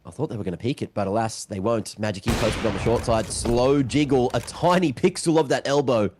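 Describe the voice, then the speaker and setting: A young man casting a game play by play, excitable, with banter between calls. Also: medium pitch, slight background noise. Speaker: esports caster. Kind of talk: play-by-play commentary.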